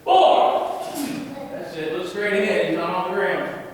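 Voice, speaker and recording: A man's voice: high-pitched, steady tone, fairly quick, background noise. A man teaching a martial arts class, coaching students through drills and calling out counts with playful asides. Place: large indoor training hall. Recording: roomy echoing hall, mic far off.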